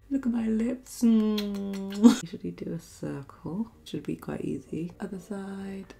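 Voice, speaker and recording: A woman's voice: mid-range voice, fairly even intonation, measured pace, gravelly. A young woman chatting casually while doing her makeup, giggling often and telling corny jokes. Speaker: beauty vlogger. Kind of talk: casual makeup challenge chat. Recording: soft music behind.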